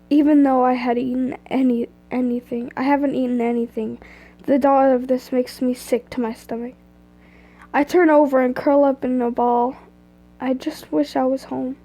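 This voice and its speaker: A woman's voice: sits high, warm tone, muffled recording. A young woman casually reading fan fiction aloud on a live stream, stumbling over words and breaking off into asides. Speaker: reader. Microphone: phone or computer mic.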